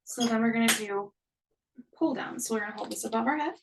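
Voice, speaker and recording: This young instructor's voice is on the high side, fast and gravelly as she cheers on a live online workout class and counts down intervals. She stays upbeat and encouraging, but she's distant from the mic and there's background noise.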